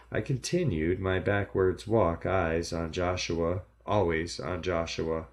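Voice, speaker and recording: A man reading a first-person horror story aloud in a measured, dramatic storytelling delivery. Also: sits low, fairly even intonation. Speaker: narrator.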